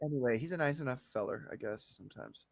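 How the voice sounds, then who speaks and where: A man's voice: medium pitch, expressive, fast, creaky, no room sound, clean studio sound. A man co-hosting a podcast, trading crude, teasing jokes in loose banter. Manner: mocking, jokey, teasing. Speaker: podcast co-host.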